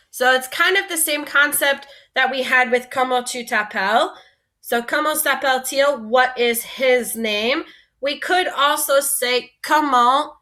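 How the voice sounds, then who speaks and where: Bright-voiced woman teaching vocabulary. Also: on the high side. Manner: patient, explanatory, repeats and recaps. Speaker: French teacher. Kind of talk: classroom vocabulary lesson.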